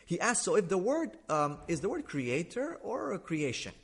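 A man's voice: big pitch swings, moderate pace, slightly rough. A man giving an argumentative religious lecture, sarcastic and emphatic, hammering his points home with repetition. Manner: sarcastic and emphatic, repeating points with rising pitch. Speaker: Islamic lecturer.

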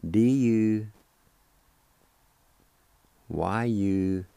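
A man's voice: fairly low pitch, extremely slow, creaky, mellow, clear, resonant tone, no room sound. A man teaching a language lesson on the radio, spelling words out and patiently repeating each one several times.

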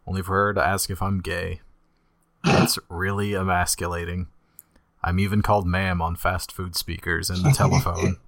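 A man with a deep baritone voice co-hosting a casual podcast, joking in a dry, deadpan way. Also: dry recording. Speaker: podcast co-host.

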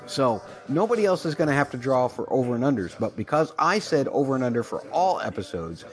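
Male podcast host, solo recap, casual rambling delivery, faint music underneath. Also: medium pitch. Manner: chatty, rambling with fillers.

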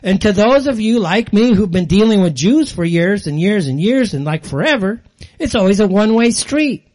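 High-voiced older man ranting. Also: lively intonation, normal speed, a little mellow. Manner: angry ranting, sarcastic, blunt. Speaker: show host. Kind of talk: monologue commentary.

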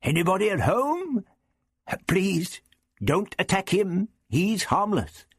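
The Doctor, a man doing a fussy elderly gentleman. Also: high voice, big pitch swings, takes it slowly, slightly rough, no room sound, clean studio sound, voice pushed up, heavily acted. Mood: cheerful. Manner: fussy, old-fashioned courtesy. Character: elderly eccentric kindly gentleman traveller.

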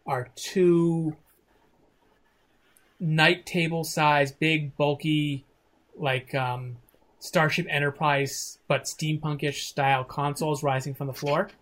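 A game master narrating a tabletop game in a hesitant way, with frequent pauses and restarts. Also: medium pitch, steady tone, fairly bright tone. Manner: hesitant, many fillers and restarts.

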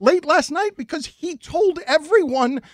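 High-voiced animated man hosting a podcast. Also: a little slow, no echo, studio quality. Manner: animated, rising into exasperated retellings. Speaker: podcast host. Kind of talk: casual chat.

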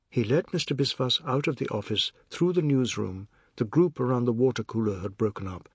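A man reading a novel aloud in a measured, descriptive audiobook narration. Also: medium pitch, husky, no room sound, studio quality.

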